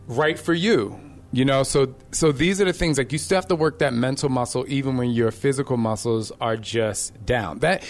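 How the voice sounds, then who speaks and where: Animated, fast-talking male fitness instructor. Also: medium pitch. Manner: energetic, animated storyteller who acts out quotes. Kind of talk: casual chat.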